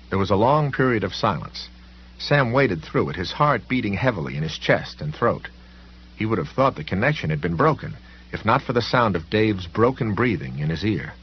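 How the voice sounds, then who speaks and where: Male audiobook narrator, husky voice, animated pitch, measured delivery. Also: muffled recording. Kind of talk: scripted narration.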